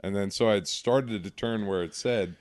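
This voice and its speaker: A man's voice: lowish voice, normal speed, a little mellow. A man, a podcast guest, in casual chat, laughing often as he tells a story.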